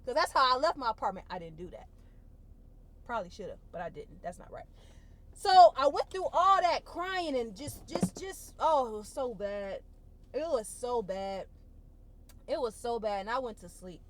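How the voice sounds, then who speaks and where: A woman vlogger giving an emotional personal testimony in a colloquial, expressive way, repeating phrases for emphasis and holding back tears. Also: fairly high pitch, normal speed, a little hiss or hum. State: tearful.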